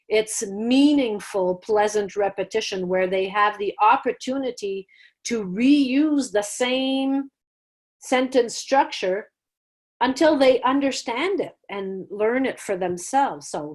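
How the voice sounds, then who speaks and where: Animated woman teaching a workshop. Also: medium pitch, slow. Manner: animated, acts out classroom voices with gasps. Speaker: French teacher trainer. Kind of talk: teaching demonstration.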